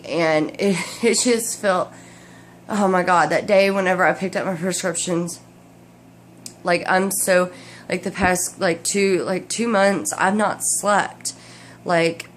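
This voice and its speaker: A woman's voice: lowish voice, a little hiss or hum. Tired, rambling woman. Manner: rambling, emotional, many restarts and laughs. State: tired, drowsy from medication. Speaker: vlogger. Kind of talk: casual personal update to camera.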